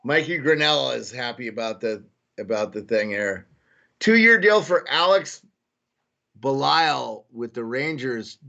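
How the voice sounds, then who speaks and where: Medium-pitched and a bit bright, this young streamer's voice comes through with the highs cut off. He casually chats with viewers, greeting them by name, thinking out loud and reacting to incoming news as live commentary.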